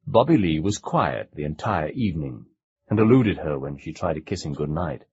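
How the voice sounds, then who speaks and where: Deep, husky male audiobook narrator. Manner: measured, expressive storytelling. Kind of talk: scripted narration. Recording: dull lo-fi cassette recording.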